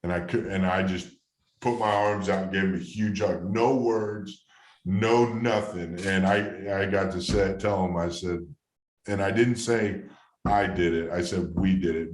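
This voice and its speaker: Deep-voiced man telling a story in an echoey room. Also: steady tone, unhurried. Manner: rambling, restarting, lots of fillers. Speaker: guest, former baseball catcher. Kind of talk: casual storytelling interview.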